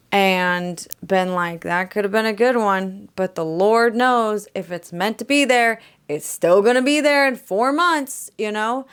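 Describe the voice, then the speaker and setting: A woman's voice: medium pitch, clean tone. A young woman musician talking candidly in her bedroom for a vlog, chatty and rambling, with frequent fillers and restarts. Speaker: vlogger and musician.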